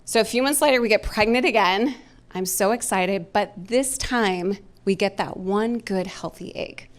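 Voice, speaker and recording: Woman in her forties, stand-up storyteller, self-mocking, candid, mid-pitched, on a club stage mic. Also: normal speed. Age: 40s. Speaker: stand-up comedian.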